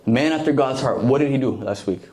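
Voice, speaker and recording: A man's voice: mid-range voice, fairly quick, darkish tone. A young man preaching a casual sermon to a youth group, slangy and conversational, acting out the characters.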